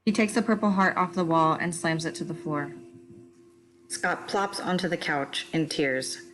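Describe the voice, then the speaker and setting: A woman reads audio description, giving the stage directions in a plain, even manner. Her voice sits on the low side. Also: a little slow, low-quality recording. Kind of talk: scripted narration of stage directions.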